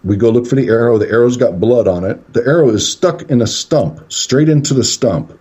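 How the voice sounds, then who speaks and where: A man's voice: mid-range voice, moderate pace, mellow, husky. A man, a paranormal investigator and radio guest, rambling through a story and acting out the quotes. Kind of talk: casual storytelling on a radio show. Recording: dull lo-fi radio call.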